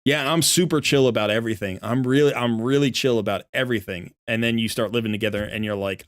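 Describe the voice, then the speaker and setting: A middle-aged man chats on a live stream from his home desk mic, rambling and laughing as he pokes fun at himself. His voice sits at an ordinary pitch and sounds dry and close, with no room echo. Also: quick pace, hardly any pauses. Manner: rambling, self-deprecating, laughs often. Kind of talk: casual live-stream chat. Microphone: desk microphone.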